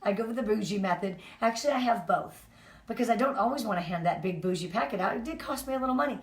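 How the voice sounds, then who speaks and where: A middle-aged woman giving an energetic, emphatic motivational talk to her sales team. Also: mid-range voice, fast. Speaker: team leader. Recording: echoey room.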